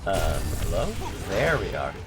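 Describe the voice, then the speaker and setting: A man's voice: deep voice, sing-song, measured pace, creaky. A man streaming gameplay, chatting in a sarcastic, joking way with rambling asides. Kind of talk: live gameplay commentary. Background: game music.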